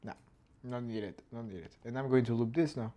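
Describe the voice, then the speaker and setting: A man's voice: mid-range voice, normal speed, mellow. A man, thinking aloud as he animates and mimicking a dog's barks. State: hoarse throat. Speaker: animator streaming his work. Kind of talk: casual narrated work session.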